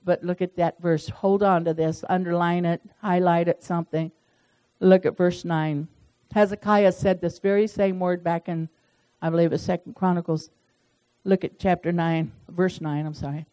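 A woman's voice: on the low side, fairly even intonation, moderate pace, dark tone, rough recording. A woman leading a small-group Bible study, talking in a folksy, chatty way and reading verses aloud. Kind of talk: casual Bible study teaching.

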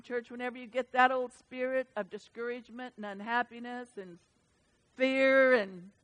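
A woman preaching a sermon to her church, reading scripture and surging from soft asides to loud, fervent exclamations. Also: high-pitched. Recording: long hall reverb.

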